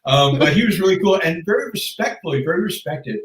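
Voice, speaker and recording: A man in his fifties, a podcast guest, telling stories in an animated casual way and laughing often. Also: high-pitched, brisk, far from the mic. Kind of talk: casual storytelling chat. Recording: roomy sound, off the mic.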